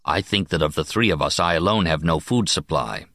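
A man's voice: rumbling low, a little fast, fairly bright tone, dry recording, studio quality, full character voice. A male narrator voicing a proud alien cat warrior who speaks in a formal, dignified way. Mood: solemn.

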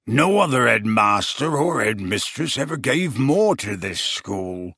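A man voicing a huge, gruff half-giant groundskeeper who speaks slowly in a rustic dialect. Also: medium pitch, big pitch swings, pushed and bright, no echo, clean studio sound, full character voice. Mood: tearful. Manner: rustic dialect, slow and tearful.

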